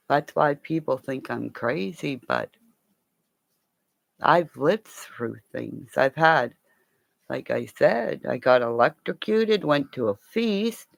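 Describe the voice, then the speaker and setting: A woman's voice: a bass voice, vocal fry, no room sound. A woman rambling in a casual live chat from her home, drifting between stories and cooing baby talk to her dog. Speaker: vlogger. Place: at home, indoors.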